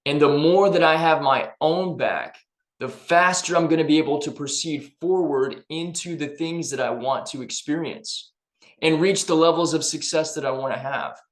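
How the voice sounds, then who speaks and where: An emphatic man gives a motivational talk straight to his listeners in a friendly, conversational tone. His voice sits a little high, and the room around him rings with noticeable echo. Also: moderate pace. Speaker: personal development vlogger.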